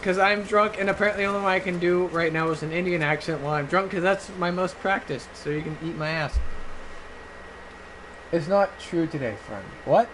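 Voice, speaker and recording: A man's voice: high-pitched, brisk, a little hiss or hum. A drunk young man chatting loosely over a game stream, rambling and bursting into song. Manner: rambling, loud, bursts into singing. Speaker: gaming streamer. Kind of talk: casual gameplay chat.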